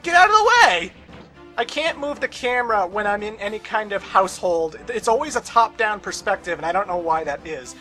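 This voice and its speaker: Young male let's player, high and bright, ranty and sarcastic. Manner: sarcastic, ranting asides, swears. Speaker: let's play host. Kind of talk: casual game commentary.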